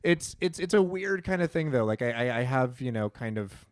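Smooth-voiced hedging man. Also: medium pitch, animated, fairly quick, no room sound, clean studio sound. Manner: hedging, many fillers. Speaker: podcast co-host. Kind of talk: casual movie discussion.

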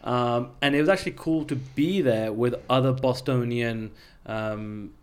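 A man's voice: mid-range voice, unhurried, clean tone, faint music behind. A man from England, chatting casually on a podcast, jokey and self-deprecating. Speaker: podcast co-host. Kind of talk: casual chat.

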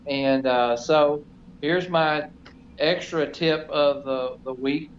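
A man's voice: a little high, steady tone, takes it slowly. A middle-aged man telling a self-deprecating story in casual chat, rambling with many fillers. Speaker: show regular. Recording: slightly dull, faint noise.

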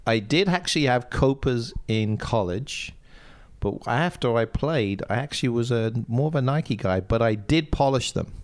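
A man's voice: mid-range voice, lively intonation, normal speed. Casting note: English man, podcast co-host, easygoing and cheerful, middle voice. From England. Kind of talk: casual chat.

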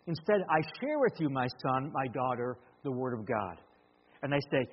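A man's voice: medium pitch, animated, moderate pace. A man preaching a sermon to a congregation, acting out the voices of parents and children as he goes. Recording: muffled recording in a large reverberant hall.

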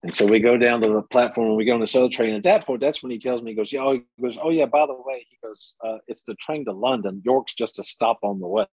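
Husky man telling a story animatedly. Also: mid-range voice, fast, hardly any pauses, no room sound, poor audio. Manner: animated storyteller acting out quotes. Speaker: podcast guest. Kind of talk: casual storytelling.

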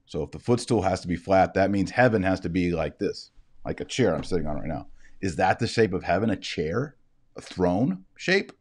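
A man with a notably low voice lectures on scripture from his desk. He explains in an easygoing, conversational way, posing rhetorical questions and then answering them. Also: very animated, normal speed, darkish tone. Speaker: Bible teacher. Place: indoors, seated at a desk with a shared screen.

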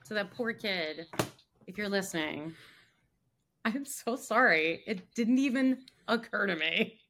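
A woman chats casually on a podcast, hopping from story to story. She leans on fillers and slips into quick impressions of other people as she talks. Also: mid-range voice, lively intonation, fairly bright tone. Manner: chatty storyteller, many fillers and acted quotes. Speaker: guest, actor and casting director.

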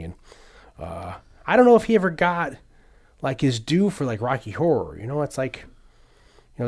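A middle-aged man rambles casually through a movie podcast, restarting his sentences and leaning on fillers. His voice sits at an everyday middle pitch. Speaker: podcast host.

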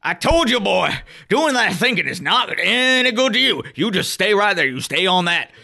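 A man voicing a fat, angry country carriage driver who rants in a high, shouty drawl. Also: very animated, moderate pace, creaky, full character voice. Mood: ranting.

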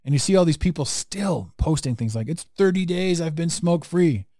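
A man's voice: on the high side, animated, moderate pace, warm tone, no echo, studio quality. A man hosting a casual podcast conversation, talking bluntly and emphatically and swearing freely. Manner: blunt, profane, emphatic and preachy. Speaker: podcast host.

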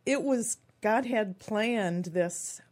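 Chatty expressive woman in her fifties. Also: mid-range voice, drawn-out words. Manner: chatty and expressive, acts out quotes in lively voices. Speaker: guest. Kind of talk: personal storytelling on a radio talk show.

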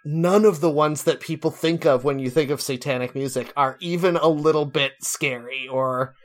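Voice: mid-range voice, normal speed. Ranting, swearing podcast co-host. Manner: ranting, swearing, breaks into laughter. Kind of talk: casual comedic chat.

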